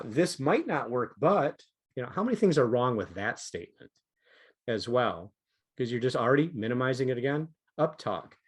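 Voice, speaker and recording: A man's voice: mid-range voice, husky. A man leading an online training session in a casual, conversational way with frequent fillers.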